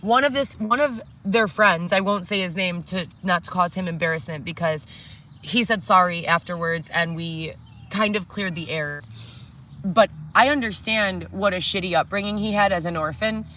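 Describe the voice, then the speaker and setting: Middle-aged woman, bright and sharp-edged voice, agitated profane rant to camera, reality show, tent setting. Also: lowish voice, normal speed, a little hiss or hum. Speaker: reality show cast member. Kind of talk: distraught monologue to camera. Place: inside a tent.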